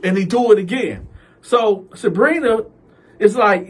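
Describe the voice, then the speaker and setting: A man hosting a casual storytime, telling a story in an animated, slangy way and acting out the characters. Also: sits high, a little slow, husky. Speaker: storyteller host.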